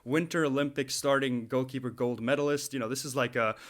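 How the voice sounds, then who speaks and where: A young man telling a story in a casual podcast chat, animated and laughing often, with many restarts. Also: medium pitch, a little fast. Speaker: podcast co-host.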